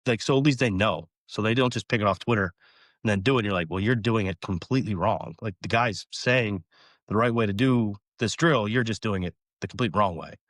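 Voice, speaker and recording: A man in his thirties rattles along at a quick clip, piling up fillers and slipping into little acted-out exchanges as he tells how he coaches. His voice sits on the low side and is recorded close and dry, with no room sound. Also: a bit bright, no room sound. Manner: rambling, filler-heavy, acts out conversations. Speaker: college baseball head coach. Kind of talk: casual podcast interview.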